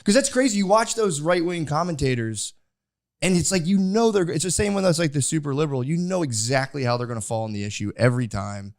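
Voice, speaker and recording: A man's voice: on the high side, animated, fast talker, dry recording, studio quality. A man in his thirties hosting a casual podcast interview, rambling with lots of fillers. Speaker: podcast host.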